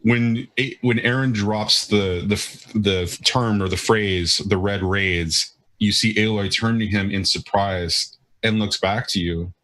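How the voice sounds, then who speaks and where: Game master, male, deep and bright, halting narration with fillers. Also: fairly even intonation.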